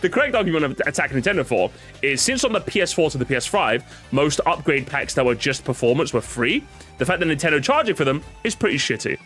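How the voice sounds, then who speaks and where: A man streaming and reacting to his chat in casual commentary, excitable, laughing often and swearing casually. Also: on the high side, fast, faint music behind.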